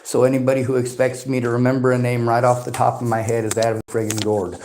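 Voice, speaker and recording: A man's voice: medium pitch, flat delivery, fast, background noise. Aggrieved man rambling over a phone. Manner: rambling, aggrieved, talks in long runs. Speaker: activist reporting on police. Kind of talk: casual phone conversation, livestreamed.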